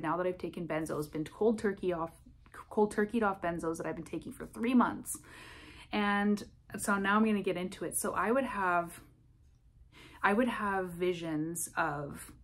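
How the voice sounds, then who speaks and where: A woman giving candid personal testimony to camera, speaking in a halting, emotional way with frequent restarts. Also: lowish voice, a little hiss or hum. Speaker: vlogger sharing a personal experience.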